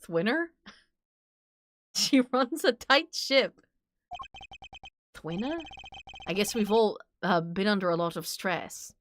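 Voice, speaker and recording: A woman's voice: mid-range voice, animated, slow pace, pauses often, slight background noise. A woman from New Jersey giving game commentary as a streamer, giggly, profane and incredulous.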